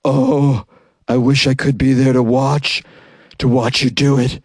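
A man putting on the husky, slow, creepily sweet voice of a woman making prank calls. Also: medium pitch, little pitch movement, a little mellow, no room sound, studio quality, lightly acted. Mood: creepy. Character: creepy prank caller, older woman persona.

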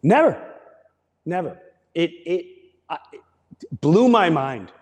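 A man's voice: on the high side, slow pace, in a large hall. A young man, a comedian, telling stories casually and animatedly as a podcast guest. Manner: animated, acts out voices. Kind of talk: casual storytelling.

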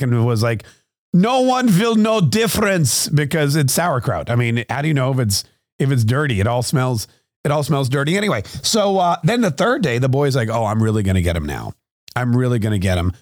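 A man's voice: mid-range voice, dry recording, clean studio sound. A man hosting a podcast, telling a story in a rambling, sarcastic comic monologue. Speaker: podcast host.

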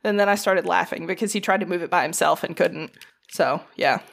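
A woman's voice: lowish voice, brisk, creaky. A woman in her thirties co-hosting a podcast, telling stories in a blunt, teasing, casual way. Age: 30s. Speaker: podcast co-host. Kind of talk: casual chat.

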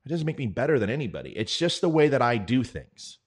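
With a husky, mid-range voice and a very animated delivery, a middle-aged political commentator speaks directly to his listener. His monologue is earnest and conversational, with quick impressions.

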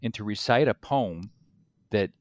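A man's voice: on the low side, a little slow, dull audio. A man co-hosting a podcast for lawyers, asking long, rambling questions in a conversational way. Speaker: podcast co-host. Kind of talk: interview hosting.

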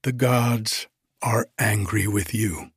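A man's voice: fairly low pitch, takes it slowly, husky, no room sound, studio quality, exaggerated voice. A man whispering as a stern threatening servant.

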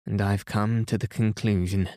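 Man reading old father, remorseful, pleading, flat low voice, dry sound. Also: normal speed, no echo, close to an everyday voice. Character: remorseful elderly father, gentle and trembling.

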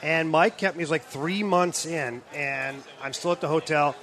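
A man's voice: on the high side, moderate pace, a bit bright. A middle-aged man, a former hockey player, telling a story in casual chat, laughing, swearing and acting out quotes. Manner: laughing, profane, acts out quotes.

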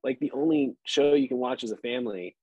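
A man's voice: mid-range voice, brisk, creaky, mellow, husky, dry recording. A man in his thirties, an actor guest on a podcast, telling laid-back stories and swearing casually.

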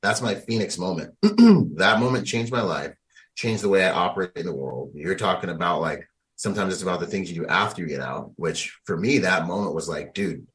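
Male veteran guest, low voice, animated storyteller with street slang. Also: brisk. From United States. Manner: animated, slangy, laughs often. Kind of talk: conversational storytelling.

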